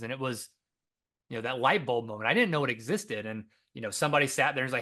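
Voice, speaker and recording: A man's voice: mid-range voice, fast talker. A young adult man, a podcast guest and author, telling a story in a conversational way and acting out the dialogue he quotes. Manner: animated, acts out quoted dialogue.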